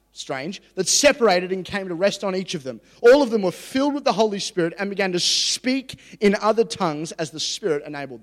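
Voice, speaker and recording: A man preaching a sermon with energetic, jokey, excitable delivery. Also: sits high, in a large hall.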